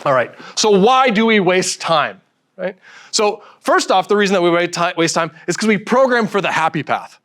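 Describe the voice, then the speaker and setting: A man's voice: high voice, animated, moderate pace, fairly bright tone. A middle-aged man presenting a technical talk at a conference, joking and quizzing the audience as he goes. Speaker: conference speaker.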